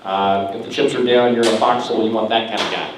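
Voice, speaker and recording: A man's voice: lowish voice, fairly even intonation, fast. A man giving a joking, rambling roast speech at a birthday party, teasing his friends. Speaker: roast speaker. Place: party hall with a crowd. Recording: echoey hall, far from the mic, noisy.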